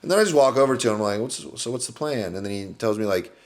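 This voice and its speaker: A man in casual podcast chat, spinning a long rambling story with frequent restarts and laughs. His voice sits at a middle pitch. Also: expressive, quick pace. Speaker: podcast co-host, comedian.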